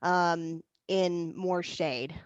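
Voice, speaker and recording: A woman's voice: fairly low pitch, fairly even intonation, extremely slow, smooth, no echo. A woman moderating a class, politely reading out audience questions. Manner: polite, friendly, reads questions aloud. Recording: dull dry lo-fi audio.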